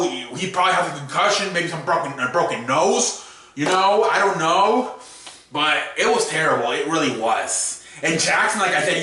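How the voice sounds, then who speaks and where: A man's voice: high-pitched, pushed and bright. A young man ranting in a profane, repetitive, exasperated way as a YouTube sports commentator. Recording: very echoey room, far from mic.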